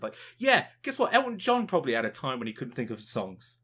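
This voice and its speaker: A man's voice: a little high, very animated, fairly quick, bright, forceful tone. A man co-hosting a casual podcast, ranting with lots of swearing and mocking quotes of other people. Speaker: podcast co-host.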